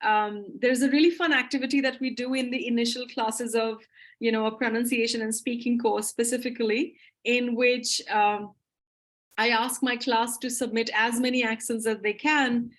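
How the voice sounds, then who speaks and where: A woman's voice: a little high, fairly even intonation, moderate pace, a bit bright. A woman English teacher answering audience questions in a live webinar, talking with eager enthusiasm. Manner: enthusiastic, explanatory.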